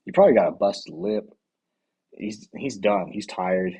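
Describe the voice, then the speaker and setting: Husky-voiced man rambling on stream. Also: on the low side, a little slow, mellow, rough recording. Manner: rambling, laughs often, swears, reads chat aloud. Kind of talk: casual livestream commentary.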